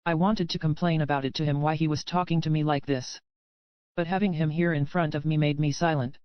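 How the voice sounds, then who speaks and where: A man with a fairly high, smooth voice reads a first-person romance story aloud at an even, measured pace. The sound is dull and muffled, with no room around it. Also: no room sound. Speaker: audiobook narrator. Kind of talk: scripted first-person narration.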